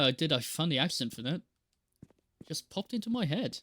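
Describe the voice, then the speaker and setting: A man's voice: fairly high pitch, sing-song, moderate pace, a bit bright, no room sound. A man casually chatting while streaming a game live, rambling and joking with frequent laughs and the odd swear. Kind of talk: casual live gameplay chat.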